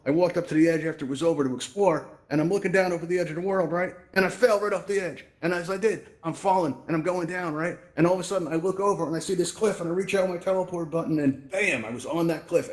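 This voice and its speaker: A man's voice: a little high, steady tone, fast talker, hardly any pauses, a little mellow, reverberant. A man hosting a live virtual reality event, upbeat and chatty as he coaches the audience through the controls. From New York. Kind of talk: live instructional walkthrough. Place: virtual reality social space. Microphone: VR headset microphone.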